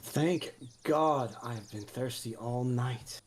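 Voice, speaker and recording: A man's voice: mid-range voice, slow pace, a little hiss or hum. A man playing a tabletop game, talking casually and matter-of-factly. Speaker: player.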